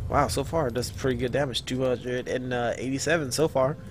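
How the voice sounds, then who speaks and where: A man's voice: mid-range voice, over music. A man giving live, profane, easily frustrated commentary on his own gameplay. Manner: excitable, profane, quick to frustration. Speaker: gaming channel host.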